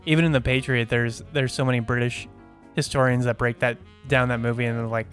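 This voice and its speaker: A man's voice: mid-range voice, little pitch movement, fairly quick, faint music behind. A man co-hosting a casual movie podcast, giggling often and rambling with lots of "like" and "you know". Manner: giggly, filler-heavy rambling. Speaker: podcast co-host.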